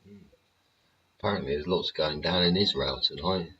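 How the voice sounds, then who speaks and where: A man's voice: a bass voice, moderate pace, bright, forceful tone. A man hosting his show in a casual, rambling rant, swearing freely and tossing in tag questions. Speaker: show host. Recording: dull lo-fi recording.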